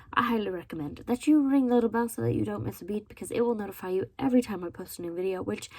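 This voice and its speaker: A woman book vlogger in casual commentary, expressive and incredulous, often laughing. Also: mid-range voice, gravelly, breathy edge, no echo.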